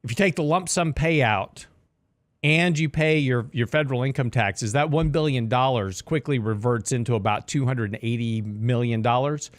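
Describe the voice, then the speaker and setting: A man's voice: mid-range voice, normal speed, no echo. A man hosting a finance talk show, explaining markets in a chatty way with joking asides on a studio mic. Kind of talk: radio talk commentary.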